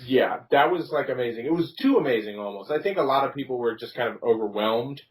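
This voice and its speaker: A man's voice: mid-range voice, lively intonation, quick pace, rough recording. A man co-hosting a podcast in casual chat, laid-back and joking. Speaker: podcast co-host.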